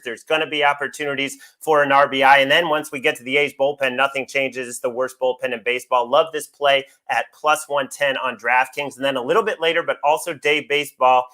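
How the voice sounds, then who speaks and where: Confident bright-toned betting analyst. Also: male voice, medium pitch, fairly even intonation, fairly quick, few pauses. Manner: confident, rattles off numbers. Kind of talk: quick stats-heavy betting picks.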